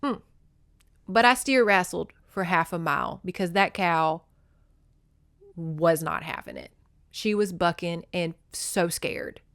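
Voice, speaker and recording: Brief: young woman podcast host, mid-pitch, blunt and profane storyteller, dry close mic. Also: a bit bright, clean tone, no echo. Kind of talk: casual storytelling chat.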